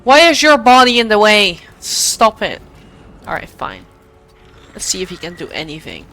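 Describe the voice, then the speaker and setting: A woman's voice: medium pitch, very animated, moderate pace, bright, forceful tone. Playful woman streamer chatting mid-game. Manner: chatty, playful, talks to her chat while playing. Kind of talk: casual gameplay commentary. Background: faint game music.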